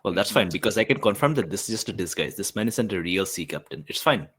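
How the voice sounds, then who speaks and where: A man's voice: low voice, expressive, a bit bright, husky. Joking man playing a tabletop game. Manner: joking, quick asides. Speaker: player. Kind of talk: tabletop role-play.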